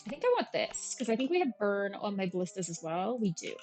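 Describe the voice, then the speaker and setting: A woman's voice: mid-range voice, big pitch swings, fast, a little mellow, faint music behind, poor audio. A young woman chatting casually and self-deprecatingly as she comments on a game she is playing at home, drifting off into tangents. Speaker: gaming channel host. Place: at home with her cats.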